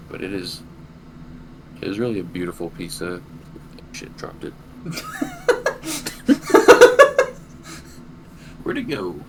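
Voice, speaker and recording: A young man co-hosting a podcast, telling a rambling anecdote in casual chat and swearing freely. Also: low voice. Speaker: podcast co-host. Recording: noticeable background noise.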